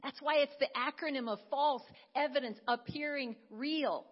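Woman preacher, earnest testimony style, slightly high voice. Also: normal speed, lo-fi sound. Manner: earnest storytelling, swings from hushed to emphatic. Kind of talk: sermon testimony.

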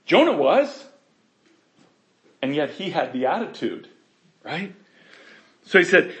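Guy preaching, high voice, animated and chatty, laughs a lot. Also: slow, pauses often, echoey room. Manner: animated, laughs often, acts out scripture voices. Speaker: pastor. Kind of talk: sermon.

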